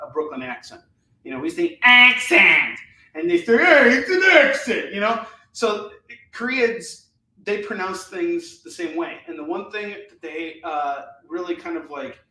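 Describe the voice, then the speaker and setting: A man hosting a live comic book sales show, chatting casually and enthusiastically, rambling with fillers as he pitches each book. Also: a bit bright. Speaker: live shopping show host selling comics. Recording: echoey room, mic at a distance, faint noise.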